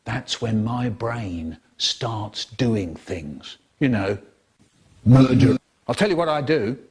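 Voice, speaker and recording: A man's voice: fairly low pitch, expressive, slow pace, slightly rough. A man telling stories in a playful, theatrical way, with sudden swings in his voice. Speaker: storyteller. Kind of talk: animated storytelling, cut into spliced comedy clips.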